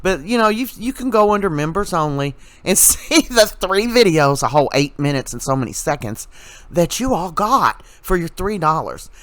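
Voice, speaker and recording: A man's voice: high voice, animated, moderate pace, fairly bright tone, no echo. A man hosting a casual commentary vlog, ranting in a sarcastic and exasperated way. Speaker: commentary channel host.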